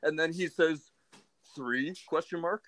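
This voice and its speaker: A man's voice: fairly high pitch, a little slow, crowd noise. A man telling a story in a casual chat, acting out both sides of it in disbelief.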